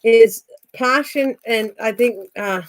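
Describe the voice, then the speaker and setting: A woman's voice: on the high side, takes it slowly. An older woman hosting a craft channel on a live stream at home, chatting in a rambling, self-mocking way and laughing easily.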